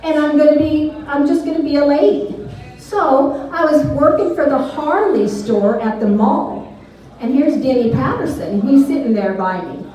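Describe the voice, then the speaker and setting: A woman's voice: high voice, normal speed, warm tone. A middle-aged woman doing off-the-cuff stand-up, rambling and candid, often laughing at her own jokes. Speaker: stand-up comedian. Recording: echoey room, voice from far off.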